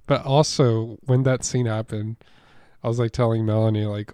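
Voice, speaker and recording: A man of middle pitch talks in a relaxed, easy way as a podcast co-host, using plenty of filler words. His voice sounds close and dry, with no room echo. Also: measured pace. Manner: laid-back, uses lots of "like". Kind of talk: casual podcast chat.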